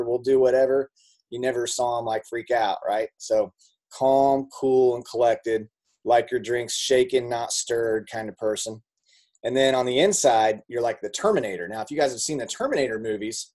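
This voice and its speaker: A man giving a casual motivational talk to a group, talking conversationally with many fillers and repeats, and acting out quoted people with sudden jumps in pitch. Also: a little mellow. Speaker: speaker on network marketing.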